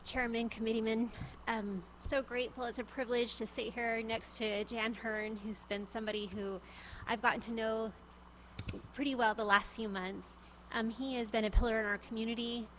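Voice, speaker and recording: A woman with a somewhat high voice speaks in a legislative hearing room, endorsing an appointee. She sounds a little out of breath and hurried. Faint room noise sits behind her. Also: flat delivery, rough recording. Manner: warm, slightly breathless endorsement. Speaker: state senator introducing nominees. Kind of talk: formal remarks.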